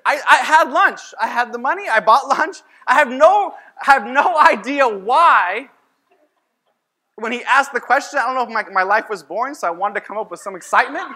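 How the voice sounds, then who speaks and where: A man's voice: very high voice, sharp tone. A man preaching as a pastor, telling a personal story in a conversational sermon and acting out his own lines.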